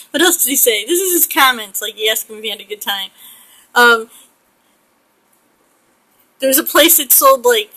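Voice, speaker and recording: A woman's voice: on the high side, bright, forceful tone, rough recording. A middle-aged woman from the United States chatting in a rambling way while she paints a pet portrait, often laughing. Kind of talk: casual chat while painting.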